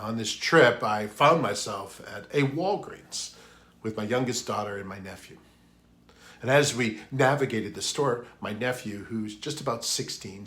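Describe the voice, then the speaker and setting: A man's voice: on the low side, a bit bright. A man preaching a sermon for an online worship video, opening with a prayer and telling a story in an earnest voice that rises for emphasis. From New England. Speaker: pastor.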